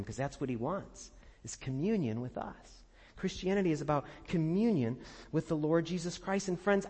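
A man preaching a sermon as a pastor, earnest and conversational, laughing at times and dropping soft and low in prayerful moments. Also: in a large hall. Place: church.

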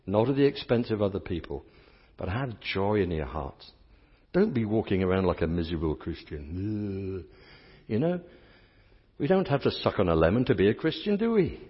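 A man preaching a lively sermon, playful and coaxing the congregation to join in. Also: deep voice, husky. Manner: playful, coaxes the crowd to join in. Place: church sanctuary. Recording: dull sound, long church reverb.

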